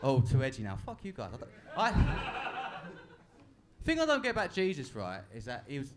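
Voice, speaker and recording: A man's voice: medium pitch, wildly swooping pitch, fairly quick. A man doing a stand-up set on a live stage, crude and self-mocking, often laughing at his own lines. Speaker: stand-up comedian. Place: live comedy venue with audience. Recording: live stage recording with crowd.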